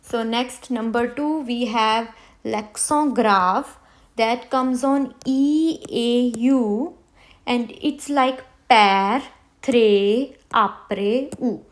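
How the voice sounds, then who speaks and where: A woman teaching a beginner French lesson, who slowly repeats each word for her students. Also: fairly high pitch. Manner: slow, repeats words for students to hear.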